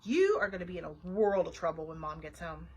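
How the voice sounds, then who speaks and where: A woman's voice: lowish voice, lively intonation, fairly quick, a little mellow, breathy edge, voice pushed down. A woman voicing a bossy teenage big sister who scolds sharply in a children's storybook reading. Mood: scolding.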